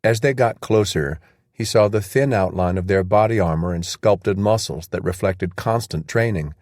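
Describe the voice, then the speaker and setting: A man narrating an audiobook in a steady, even scripted style. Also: fairly low pitch, normal speed, dry recording, studio quality.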